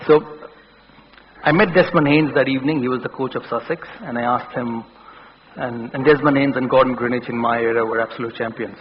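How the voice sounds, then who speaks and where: A man's voice: fairly even intonation, a little fast. A man in his forties with an Indian English accent gives a motivational talk to a hall. His delivery is earnest, full of restarts and repeated words. The sound is dull and lo-fi, with a long reverb and a faint hum behind it. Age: 40s. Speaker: keynote speaker. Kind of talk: motivational speech with anecdotes. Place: large hall. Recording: dull, boomy hall recording.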